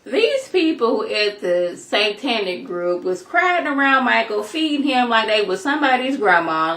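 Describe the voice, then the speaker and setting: A woman reviewing a TV episode in a casual recap, animated and jumping into character voices. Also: fairly high pitch, normal speed, few pauses, reverberant.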